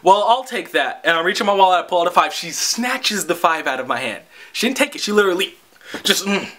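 Young male vlogger, high-pitched and sharp, rambling profane rant. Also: animated, fast talker. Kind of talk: casual storytelling rant.

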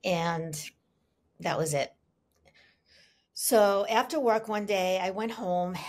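A woman speaking as an interview guest, telling stories in an animated, emphatic way, repeating her key phrases and acting out the dialogue she quotes. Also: mid-range voice, slow pace. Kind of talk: conversational storytelling.

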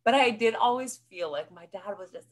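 A woman in her twenties, a podcast guest, telling stories in a lively, chatty way and acting out the voices of the people she quotes. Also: a little high, brisk. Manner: animated, acts out quoted voices. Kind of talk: casual storytelling interview.

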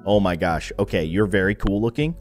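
A man's voice: on the low side, fairly quick, soft background music. A young man giving casual, playful commentary on a mobile game, with a sarcastic, joking manner. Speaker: gaming video host.

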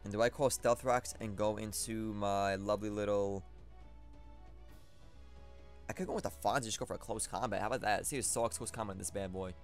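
A young man giving live gameplay commentary, thinking aloud and talking to his opponent with excitable swings of energy. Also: lowish voice, brisk, soft background music. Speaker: competitive battle commentator.

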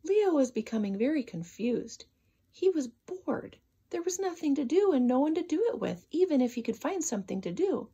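A woman reading a children's storybook aloud with expressive, sing-song narration. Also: high voice, moderate pace, highs cut off.

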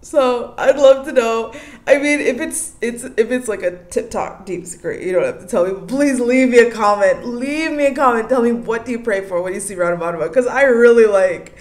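A woman's voice: on the high side, lively intonation, normal speed, a little mellow. A young woman hosting a casual solo podcast, chatting with lots of likes and you-knows and laughing often. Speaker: podcast host.

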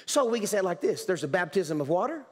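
With a high-pitched, darkish voice and big swings in pitch, a male pastor talks fast through his sermon. He preaches emphatically in a church sanctuary, repeating and restarting, his words carried by the hall's reverb.

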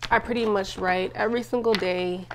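A woman's voice: mid-range voice, fairly even intonation, a little fast, noisy background. Young female vlogger, confessional to camera, emotional, chatty with lots of "like". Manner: emotional, tearful at times, frequent "like" fillers. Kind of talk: personal life-update vlog.

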